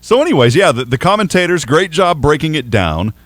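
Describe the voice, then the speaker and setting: A man's voice: on the high side, a little fast, no echo. A man hosting a sports radio show, talking casually and jokingly in a studio. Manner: animated, chatty, jokey.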